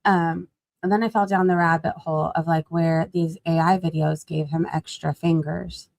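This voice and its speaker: A woman's voice: sits low, steady tone, moderate pace, creaky, a little mellow. A woman chatting casually on a live gossip stream, scrolling and laughing as she talks to her chat. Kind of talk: casual commentary while scrolling.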